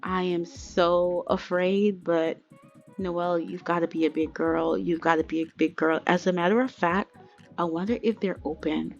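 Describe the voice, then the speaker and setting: A woman voicing an anxious, secretive young pregnant woman who talks in hesitant, halting bursts, as she voices characters in a game let's play. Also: fairly low pitch, steady tone, vocal fry, highs cut off, faint music behind, pitched below the performer's own voice. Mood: worried.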